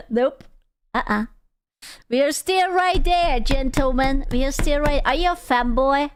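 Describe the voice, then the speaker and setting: A woman's voice: high voice, measured pace, a little hiss or hum. A woman streamer reacting to a video in casual, rambling chat, swearing freely and joking as she goes.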